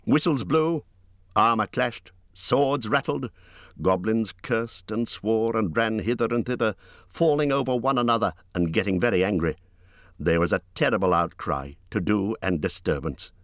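A man narrating a fantasy storybook in a measured way, lifting his voice at tense moments. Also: lowish voice, fairly bright tone, no echo. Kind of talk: audiobook reading of a fantasy story.

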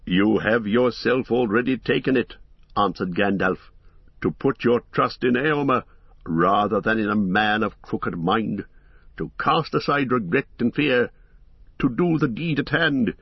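A man voicing a stern, wise old male wizard with a husky voice, giving measured, grave counsel in a storybook reading. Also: on the low side, dry recording, dull audio, full character voice.

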